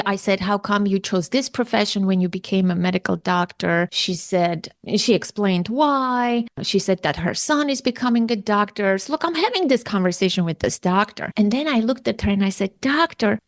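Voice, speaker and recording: Woman podcast host, animated storyteller, dry close-mic sound. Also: normal speed, hardly any pauses, dry recording. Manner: animated, acts out quoted dialogue with big pitch jumps. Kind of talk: personal storytelling monologue.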